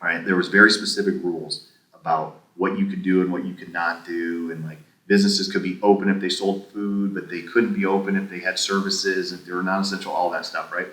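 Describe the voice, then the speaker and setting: A man's voice: deep voice, level tone, fairly quick, bright, forceful tone. A man casually telling a long story as a podcast guest, acting out both sides of the conversations he recounts. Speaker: podcast guest, former gym owner. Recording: echoey room, somewhat distant mic.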